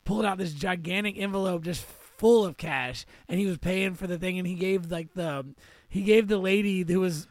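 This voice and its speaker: A man's voice: sits high, normal speed, no room sound. A man co-hosting a podcast, telling rambling anecdotes in casual, profanity-heavy chat. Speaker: podcast co-host.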